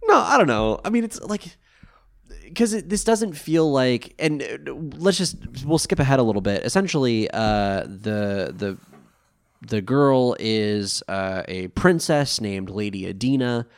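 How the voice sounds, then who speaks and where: A man's voice: medium pitch, animated, measured pace. A young man co-hosting a podcast, rambling through a show recap with many fillers and restarts. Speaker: podcast co-host. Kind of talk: casual chat recapping a show.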